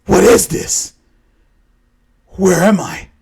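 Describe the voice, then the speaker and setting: A man's voice: on the high side, moderate pace, a bit bright. A man voicing a reckless young male soldier who is weary of life, cursing and exasperated as he speaks. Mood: pained, angry.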